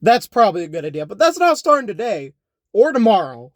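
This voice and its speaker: Young guy doing a goofy rambling vlog rant, high bouncy voice, dry close sound. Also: very animated, brisk, no room sound. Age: young adult. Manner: rambling, jokey, self-correcting, repeats "all right?". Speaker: YouTuber. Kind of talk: unscripted comedic vlog rant. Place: home.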